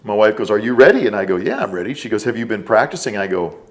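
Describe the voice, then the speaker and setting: A middle-aged man, a podcast guest, telling stories casually and quoting the people in them. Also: lowish voice. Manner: relaxed, drawn-out storytelling with quoted dialogue. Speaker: podcast guest, former special forces operator. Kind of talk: casual storytelling.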